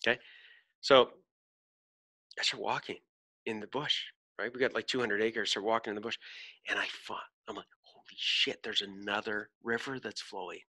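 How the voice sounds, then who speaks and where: A man hosting a podcast, telling an animated story in casual chat, swearing freely and acting out voices. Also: on the low side, normal speed, pauses often. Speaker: podcast host.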